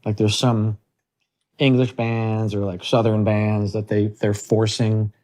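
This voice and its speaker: A man, a guest musician, explaining his singing in a thoughtful, halting way. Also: fairly low pitch, flat delivery, mellow.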